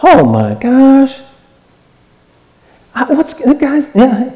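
A man putting on an eager, nosy gossip from the pews, raised high above his own voice. His words ring out with a long hall reverb. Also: huge pitch swings, drawn-out words, warm tone, exaggerated voice. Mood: gossipy. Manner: gossipy, breathless chatter.

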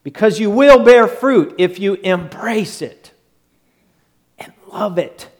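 A pastor preaching a sermon, slow and emphatic, with quick acted-out asides. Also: male voice, high-pitched, expressive, big-room sound.

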